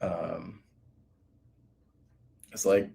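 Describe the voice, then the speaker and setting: Middle-aged man, mellow and warm-toned, earnest and halting testimony, lots of fillers. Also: deep voice, level tone, vocal fry. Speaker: guest sharing recovery story. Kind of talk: reflective personal testimony.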